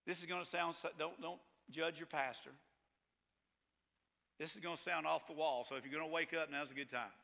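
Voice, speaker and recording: A man preaching a sermon as pastor, emphatic and building to forceful passages. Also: a little high, fairly even intonation, a little fast, creaky, big-room sound.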